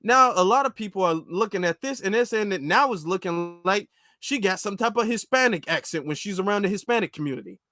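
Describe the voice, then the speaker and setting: A man's voice: sits high, expressive, brisk, pushed and bright, no echo. A man giving opinionated commentary on a close mic, talking in an incredulous, repetitive, ranting way. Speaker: commentary vlogger.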